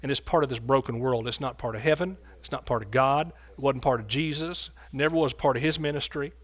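A man's voice: mid-range voice, fairly quick, fairly bright tone. A man preaching a sermon in a folksy, joking way.

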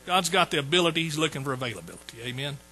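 A folksy older man preaching a testimony, his voice bright and a little high. He repeats phrases for emphasis as he tells the story. A faint hum sits under the recording. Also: lively intonation, rapid-fire, low-quality recording. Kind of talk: sermon testimony.

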